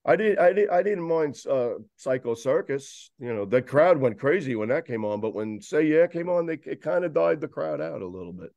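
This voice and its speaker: A man chatting casually as a guest, telling a long story in a lively, rambling way with many restarts. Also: on the high side, normal speed, gravelly, hardly any pauses, no echo. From New York. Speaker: guest describing a concert. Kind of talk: casual chat.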